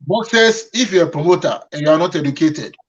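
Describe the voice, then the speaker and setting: A man's voice: fairly high pitch, lively intonation, a little fast. Male panelist, agreeable and advising, muffled lo-fi sound. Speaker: boxing panelist. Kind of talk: panel discussion on boxing.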